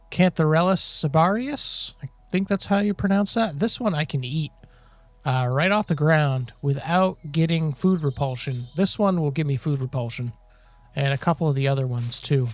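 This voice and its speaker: A man's voice: fairly high pitch, moderate pace, soft background music. A man giving casual gameplay commentary, rambling and joking with lots of fillers. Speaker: game video creator.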